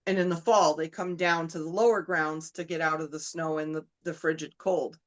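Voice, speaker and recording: A woman's voice: sits low, steady tone, moderate pace, rough recording. A middle-aged woman, a podcast guest, casually recounting events and quoting others' dialogue, with many fillers. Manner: retells events with lots of quoted dialogue and fillers. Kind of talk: casual storytelling.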